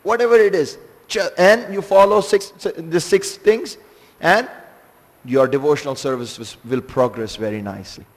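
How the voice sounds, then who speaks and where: A man gives a scripture class in an animated, emphatic storytelling manner, pausing now and then for a filler. His voice sits a little high for a man. It rings out with the long reverb of a large temple hall. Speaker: guest speaker giving a scripture class.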